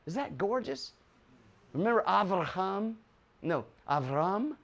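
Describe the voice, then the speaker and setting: An older man from America gives an animated Bible lesson in a fairly high voice. He chuckles often and breaks into sudden loud shouts to drive a point home. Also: slow pace. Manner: excitable, chuckling, loud bursts for emphasis. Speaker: Bible teacher.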